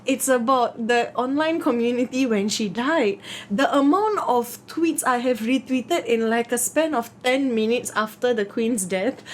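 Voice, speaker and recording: A woman's voice: high-pitched, slight background noise. A woman co-hosting a casual podcast, rambling and giggly. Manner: giggly, rambling, keeps breaking into laughter. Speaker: podcast co-host. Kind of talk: casual late-night chat.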